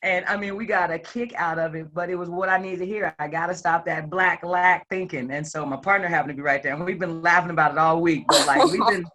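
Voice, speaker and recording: A self-employed woman telling a group her personal story with animated, playful delivery and acted-out quotes. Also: lowish voice, brisk, hardly any pauses. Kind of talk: candid personal testimony to a group.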